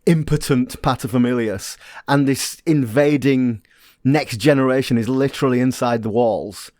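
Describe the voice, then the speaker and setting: A man's voice: mid-range voice, normal speed, a little mellow, dry recording, clean studio sound. A man co-hosting a chat podcast, explaining from his research in a wry, casual way. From Britain. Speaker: podcast co-host.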